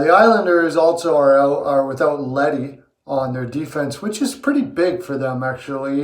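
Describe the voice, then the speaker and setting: Playful rambling man in an echoey bathroom. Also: mid-range voice. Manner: playful, self-mocking, animated swings in loudness. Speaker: sports picks host. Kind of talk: rambling comic monologue. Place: small bathroom. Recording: echoey small room.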